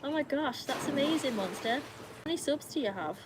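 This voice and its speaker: A young woman hosting a casual live stream by a pool at night. She chats, laughs often and calls to her dogs in a high sing-song voice. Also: lively intonation, a little fast, background noise. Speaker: livestream host. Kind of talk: casual live-stream chat reading comments.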